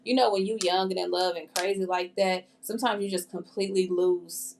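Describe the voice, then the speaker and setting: Podcast co-host, female, blunt, rapid speech, sits back from the mic. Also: fairly low pitch, steady tone, vocal fry, recorded from a distance. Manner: blunt, opinionated. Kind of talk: casual chat.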